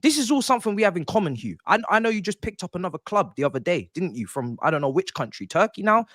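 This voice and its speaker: A man on a football panel, ranting in theatrical mock outrage. His pitch swings widely, and his voice sounds dry and close. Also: sing-song, fast, fairly bright tone, no echo. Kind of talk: football fan banter.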